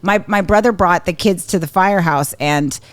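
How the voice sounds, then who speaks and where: A woman's voice: lowish voice, moderate pace, no room sound. Laughing, swearing woman telling stories. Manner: animated storyteller, laughs often, swears freely. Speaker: podcast guest. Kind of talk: casual chat.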